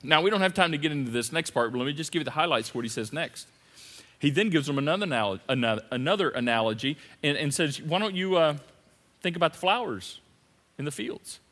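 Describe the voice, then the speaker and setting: A man preaching a sermon as pastor, swinging between loud emphatic repetition and hushed asides. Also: a little high, animated, fast. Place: large church hall. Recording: long reverb of a big hall.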